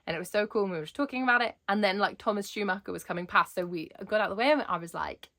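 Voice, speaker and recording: A woman's voice: medium pitch, racing, fairly bright tone. A young adult woman chatting in a vlog, bubbly and rambling, laughing often as she talks. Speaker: Disney vlogger.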